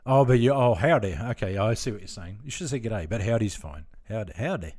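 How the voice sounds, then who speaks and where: A relaxed Australian man talks loosely to his live chat while he plays. His voice sits fairly low, and he rambles from one thought to the next with plenty of fillers. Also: brisk. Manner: rambling, laid-back, chatting with viewers. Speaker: game streamer. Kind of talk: casual live-stream chat.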